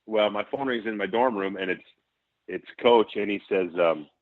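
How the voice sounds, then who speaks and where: A man from Saint Paul, Minnesota, a former football center, telling animated stories with laughs and restarts. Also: lowish voice, normal speed, no room sound. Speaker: former NFL center, guest. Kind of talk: casual storytelling. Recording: tinny phone-like line, dry.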